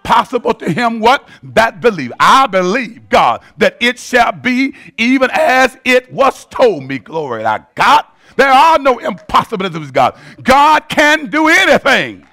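A man's voice: extremely high pitch, sing-song, measured pace, few pauses, bright, forceful tone. A male pastor preaching a sermon in a rhythmic call-and-response style, chanting bold declarations to the congregation.

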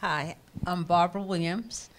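A woman's voice: lowish voice, a little slow. A woman in her seventies with a Boston accent, briefly introducing herself. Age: 70s.

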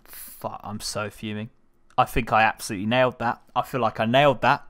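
A man's voice: fairly low pitch, fairly quick. A man giving casual, sweary commentary while playing a game on his channel. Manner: swearing, excitable, talks to game characters. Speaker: gaming channel host.

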